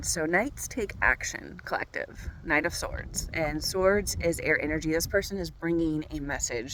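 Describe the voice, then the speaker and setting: A woman's voice: lowish voice, fairly bright tone, a little hiss or hum, low-quality recording. A woman tarot reader talking to her viewers outdoors on a walk, bubbly and gushing. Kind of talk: tarot reading vlog outdoors. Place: outdoors on a walk by a golf course.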